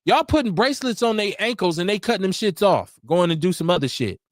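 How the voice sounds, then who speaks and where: A man hosting a live online show, talking in a blunt, slangy way with lots of animation. His voice sits a little high for a man. The sound is dry, with no room echo. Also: very animated, quick pace. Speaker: host. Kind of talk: casual live stream talk. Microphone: video call.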